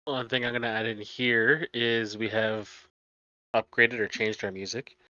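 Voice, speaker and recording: A man's voice: fairly low pitch, fairly even intonation, a little slow, pushed and bright, dry recording, lo-fi sound. A man running a tabletop game as game master, chatting casually and laughing easily between rules and scene-setting.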